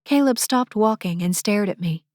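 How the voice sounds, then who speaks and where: A woman narrating a first-person romance audiobook in a soft, intimate manner, on a close studio mic. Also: medium pitch, lively intonation, moderate pace, no echo.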